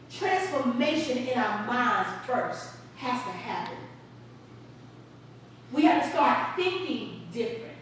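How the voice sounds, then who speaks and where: Woman preacher, chatty storytelling sermon with questions to the room, high voice heard from afar in a reverberant sanctuary with faint hiss. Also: distant mic. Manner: storytelling, asks the congregation questions, laughs often. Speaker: preacher addressing a congregation. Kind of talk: conversational sermon. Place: church sanctuary.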